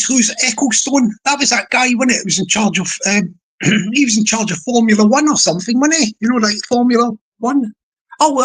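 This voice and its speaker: High-voiced rambling host. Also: male voice. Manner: rambling, repetitive shout-outs. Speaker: livestream host. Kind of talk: casual live-stream chat.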